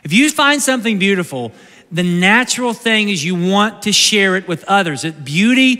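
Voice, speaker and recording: A male pastor preaching a conversational sermon, moving from loud bursts to hushed, slow lines, recorded live in a church sanctuary. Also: high-pitched, lively intonation, in a large hall.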